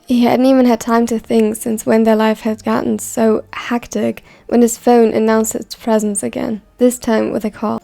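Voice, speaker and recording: A woman narrating a fan story in an even, measured reading voice. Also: on the high side, vocal fry, faint music behind.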